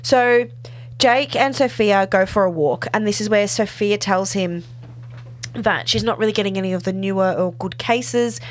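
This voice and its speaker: A woman's voice: mid-range voice, normal speed. A woman on a podcast, casually recapping a TV episode and acting out the characters' lines as she goes. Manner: animated retelling, acting out quoted lines. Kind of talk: casual chat.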